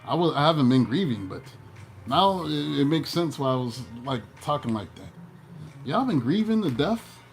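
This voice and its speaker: Playful tarot-reading man with a higher voice. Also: normal speed, soft background music. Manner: playful, animated, puts on mocking voices. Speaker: tarot reader.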